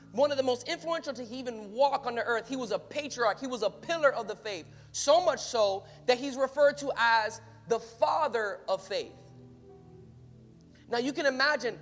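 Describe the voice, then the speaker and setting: An energetic male pastor preaches a sermon, swinging from casual asides to loud, emphatic calls to his congregation. His voice carries a long reverb from the church hall, and faint music sits underneath. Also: extremely high pitch. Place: church sanctuary.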